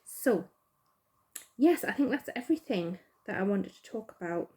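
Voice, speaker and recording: Expressive and moderately paced, this Geordie-accented podcast host has a medium-pitched, slightly mellow voice. The middle-aged woman chats casually, wandering off on tangents, poking fun at herself and using lots of fillers.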